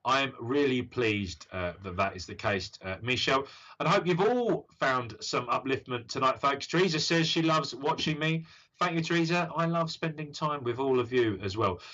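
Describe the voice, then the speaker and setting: British guy doing psychic readings on a stream, bright voice, bit muffled lo-fi audio, lots of ums. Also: mid-range voice, expressive, normal speed. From United Kingdom. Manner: warm, encouraging, rambling with many fillers. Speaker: psychic medium.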